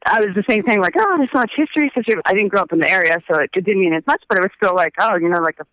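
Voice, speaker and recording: Speaking at a racing pace, a woman with a voice on the low side and a fairly bright tone chats as a musician guest in a casual interview. She wanders and hesitates, frequently leaving thoughts unfinished, and the audio sounds dull.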